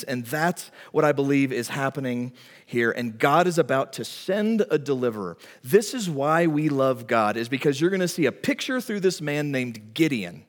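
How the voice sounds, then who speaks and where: A man preaching a sermon as pastor, swinging between loud emphatic lines and soft, quiet asides. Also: a little high. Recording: long hall reverb.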